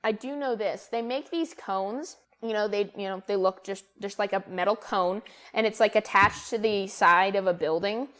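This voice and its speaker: A young woman co-hosts a podcast in a medium-pitched, slightly bright voice, talking at normal speed with hardly any pauses. Her casual chat rambles, full of fillers and restarts.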